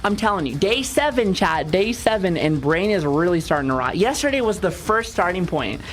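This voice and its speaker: Young woman streaming, low voice, jokey and chatty, swears a lot, faint music behind. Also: sing-song, moderate pace. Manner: playful, joking, swearing, chatty with viewers. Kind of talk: casual livestream chat.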